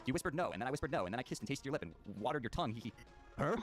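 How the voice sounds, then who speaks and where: A young man playing a video game, reading its text aloud in casual, jokey commentary with sudden loud outbursts over game music. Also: mid-range voice, big pitch swings, rapid-fire.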